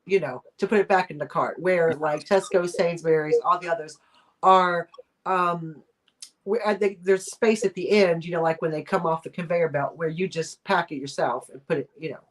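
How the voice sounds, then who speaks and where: A woman's voice: lowish voice, steady tone, moderate pace. A woman hosting a casual live-stream chat, talking in a rambling way with lots of fillers and little laughs. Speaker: host of a live chat show.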